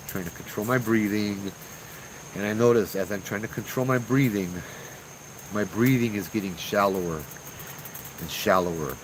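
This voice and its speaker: A man's voice: lowish voice, noisy background. Slangy man telling a ghost story. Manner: animated and slangy, acting out what people said. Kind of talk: casual spoken ghost story.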